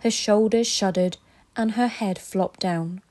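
A woman telling a children's story as a podcast storyteller, in a gentle, expressive way. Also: mid-range voice, measured pace.

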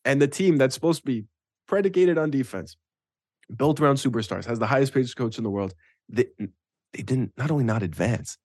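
A man co-hosting a casual football podcast, opinionated and animated, often checking in with "right?". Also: mid-range voice, brisk, slightly rough, no echo, studio quality. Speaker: podcast co-host. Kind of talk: casual sports chat.

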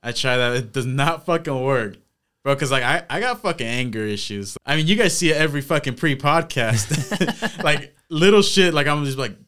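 A man's voice: mid-range voice, moderate pace, smooth. Podcast co-host, man, twenties, resonant voice, laughs a lot, loose and profane. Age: 20s. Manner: laughs often, swears, animated storytelling. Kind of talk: casual chat.

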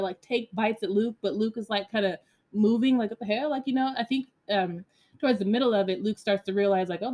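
Woman podcast host, casual storytelling monologue, animated, blunt, profane, lots of fillers, mid-range voice. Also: mid-range voice.

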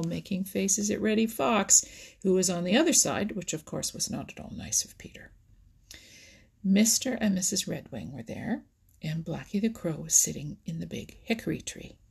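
A woman narrating a children's animal storybook in a soft, often whispery, husky voice. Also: fairly low pitch. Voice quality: husky, gravelly.

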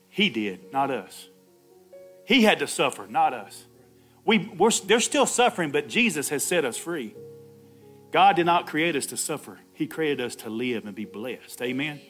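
A man's voice: fairly high pitch, fairly bright tone. A man preaching an Easter sermon, laughing often, calling out "Amen" and acting out the Bible dialogue himself. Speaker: pastor.

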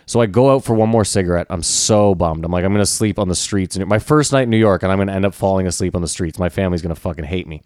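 Male podcast co-host, thirties, low voice, dry close mic; profane, animated storyteller. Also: racing, few pauses, dry recording. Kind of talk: casual storytelling.

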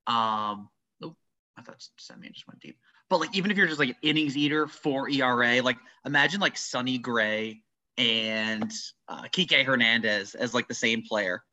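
Brief: male sports-talk guest, bright tense voice, thinks aloud, dull lo-fi recording. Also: medium pitch, moderate pace. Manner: searching for words, thinking aloud. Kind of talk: casual sports chat. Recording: dull lo-fi audio.

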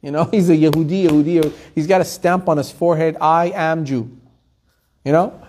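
Male Torah teacher, fairly high voice, lively storyteller who acts out the people in his tales. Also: normal speed. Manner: animated storytelling, acting out the people in his stories.

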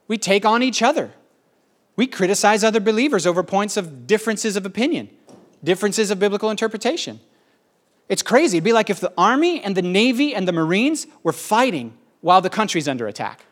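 A middle-aged man delivers a sermon in a quick, animated way. His voice sits fairly high for a man, and he often breaks into playful asides. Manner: animated, fast-talking, jokey asides. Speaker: pastor.

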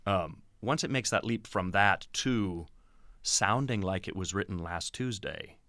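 A man who directs and teaches acting, giving animated, explanatory answers in an interview. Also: low voice, unhurried, no echo.

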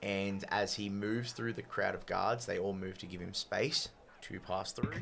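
Game master, male, low and gravelly, casual tabletop narration, faint hiss. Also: fairly even intonation, unhurried, a bit bright.

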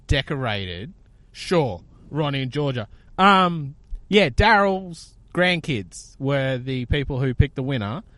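An Australian-accented man co-hosts a podcast, bantering casually in an animated, joking way full of fillers. His voice is mid-range, and there's no room sound.

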